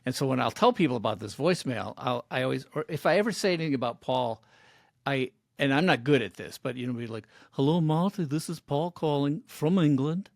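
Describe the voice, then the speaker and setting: A man hosting a casual interview, relaxed, asking leading questions and telling stories. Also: medium pitch, quick pace, vocal fry, no echo, clean studio sound. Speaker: podcast host.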